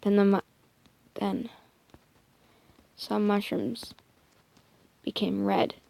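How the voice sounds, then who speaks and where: A woman narrating a made-up first-person story in a soft, hesitant way. Her voice has a gravelly fry and she speaks slowly. She often dips into a near-whisper and corrects herself mid-line. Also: mid-range voice, flat delivery.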